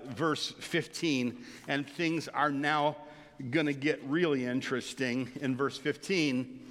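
A man preaching a sermon in a church, telling the story with animated energy and laughter. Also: a little high. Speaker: pastor. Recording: long reverb of a large hall.

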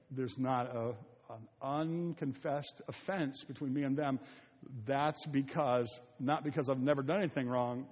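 A man's voice: mid-range voice, a little mellow, long reverb tail. An older man, a pastor, preaching a sermon in an earnest, pleading way, repeating his phrases for emphasis. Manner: earnest, repetitive, pleading delivery. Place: church sanctuary.

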